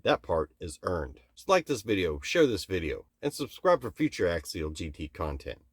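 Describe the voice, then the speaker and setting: Blunt, cursing American host venting his opinions; lowish voice, dry close sound. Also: very animated, normal speed, slightly rough, no echo. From United States. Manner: blunt and profane. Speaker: channel host. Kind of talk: opinion rant to camera.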